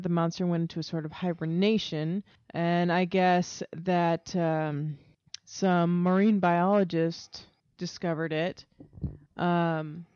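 A woman co-hosting a casual podcast, explaining researched facts haltingly with many "um"s. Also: fairly low pitch, dark tone, clean tone, no room sound, highs cut off. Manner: hesitant, reads facts with many "um"s. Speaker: podcast co-host. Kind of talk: casual chat.

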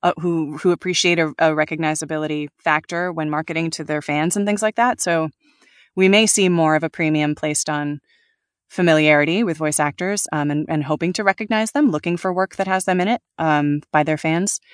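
A woman voice actor talking casually in an interview, animated, laughing often and restarting her sentences. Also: low-pitched, fairly quick, no echo, studio quality. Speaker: voice actor guest.

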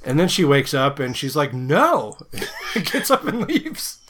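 A man talks through a horror movie plot on a podcast, in an unhurried, rambling way with many ums and restarts. His pitch swings up and down expressively as he laughs at the absurd scenes. He jokes crudely and keeps it loose. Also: sing-song, fairly bright tone, a little hiss or hum. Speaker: podcast co-host. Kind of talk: casual movie review chat.

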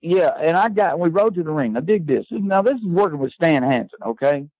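Older male guest, animated yarn-spinner who ends his lines with "man", slightly high voice, dry close sound. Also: a little fast, dry recording, lo-fi sound. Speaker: guest, former wrestling manager. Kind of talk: animated anecdote telling.

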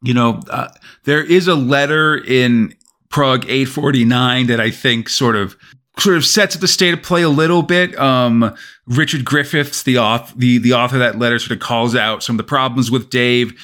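A man co-hosting a podcast, casually retelling a comic's plot with lively storytelling and lots of "sort of" hedges. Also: medium pitch, normal speed. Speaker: podcast co-host. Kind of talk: casual chat recapping a comic.

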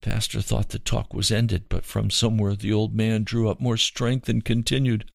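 A man reading a story aloud in an earnest, measured way. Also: fairly low pitch, level tone, creaky, no echo. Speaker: reader. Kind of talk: storytelling narration. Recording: dry close recording.

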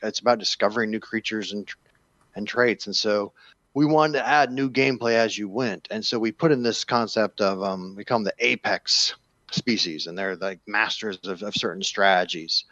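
A man being interviewed as a game developer, explaining in a relaxed way with plenty of "you know" fillers. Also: on the low side, normal speed, no room sound, muffled recording. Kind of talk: casual interview talk.

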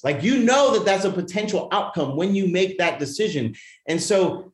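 An animated man tells his story as a podcast guest, cursing freely and often breaking off to restart his thoughts. His voice sits a bit high for a man and rings in a roomy, echoing space. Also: normal speed. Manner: animated, profane, many restarts. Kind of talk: casual storytelling. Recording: roomy echo.

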